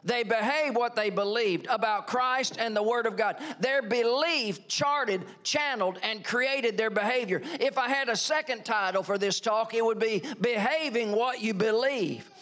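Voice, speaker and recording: A middle-aged man preaching a sermon as a pastor, emphatic and animated, full of rhetorical questions. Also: very high voice, moderate pace, few pauses.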